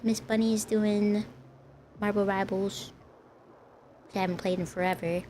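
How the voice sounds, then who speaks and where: A woman's voice: medium pitch, fairly even intonation, quick pace, dark tone, slight background noise. A woman streamer in casual live-stream chat, rambling and talking to her viewers. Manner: rambling, chatty, talks to chat.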